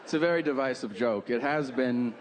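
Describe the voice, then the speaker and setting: A man's voice: medium pitch, fairly quick. A middle-aged man doing a stand-up comedy set, telling profane, exaggerated stories and acting out quotes, recorded live on stage with a handheld mic. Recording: live club recording with crowd noise.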